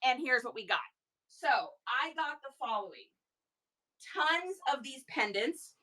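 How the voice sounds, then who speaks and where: A woman hosting a reseller livestream, telling a story casually to her chat in an animated way, with quick asides to viewers. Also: high-pitched, slight background noise, low-quality recording.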